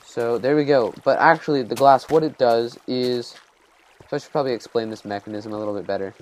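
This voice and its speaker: A man's voice: medium pitch, brisk, a little hiss or hum. A man giving casual let's-play commentary, rambling and self-deprecating as he thinks aloud while building. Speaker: gameplay commentator.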